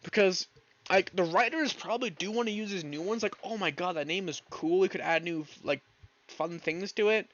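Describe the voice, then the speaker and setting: A young man hosting a solo podcast stream, swearing a lot, rambling, and breaking into exasperated yelling when alone at home. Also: high-pitched, moderate pace, muffled recording. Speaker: podcast host. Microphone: streaming mic, leaning back from it.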